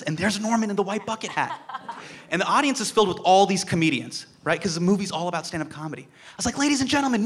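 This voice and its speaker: Young man, tribute speech, storytelling, lively pitch, animated quoting. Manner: animated storyteller acting out quotes. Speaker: comedian giving a tribute speech.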